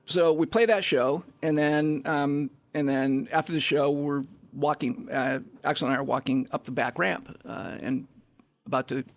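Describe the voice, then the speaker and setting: A middle-aged man with a gravelly, creaky edge to a slightly high voice tells backstage stories as a podcast guest. His delivery is animated and peppered with profanity. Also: a little slow, soft background music. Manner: animated anecdote-telling with profanity. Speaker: band manager guest. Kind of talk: storytelling in a podcast interview.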